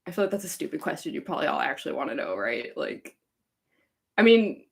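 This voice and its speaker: A young woman talks fast in a low, sing-song voice with vocal fry while hosting a live Q&A as a fanfic author. She comes from Chicago but sounds Californian, and her casual livestream chat is rambling and giggly, valley-girl style, with plenty of likes and ums.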